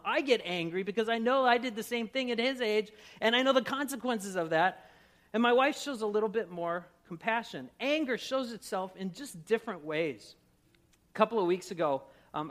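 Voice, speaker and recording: A middle-aged man from Minnesota, a pastor preaching a sermon with personal stories, animated and laughing at himself. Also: high-pitched. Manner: animated, self-mocking storyteller who laughs at himself.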